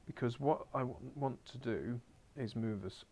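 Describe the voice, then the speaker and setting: A man's voice: mid-range voice, measured pace, a little mellow, breathy edge. A man teaching a beginners' Spanish class, coaxing his pupils along with wry asides and muttered whispers, heard in a school classroom.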